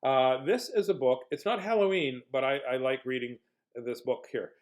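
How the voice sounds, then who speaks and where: A man's voice: medium pitch, moderate pace. Silly man reading to kids. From Manitoba, Canada. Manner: silly, animated, laughs often. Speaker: children's entertainer reading aloud. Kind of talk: playful read-aloud storytelling for kids.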